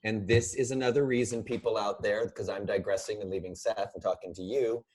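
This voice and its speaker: A man's voice: lowish voice, fairly even intonation, a little fast, darkish tone. A man co-hosting a podcast who keeps cutting in with questions and teasing remarks in a casual chat. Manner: teasing, interjecting interviewer. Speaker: podcast co-host.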